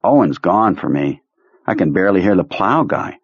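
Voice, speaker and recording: A man's voice: sits low, animated, normal speed, slightly rough, no room sound, dull audio, full character voice. A man voicing a blunt, plain-spoken soldier who sounds uneasy.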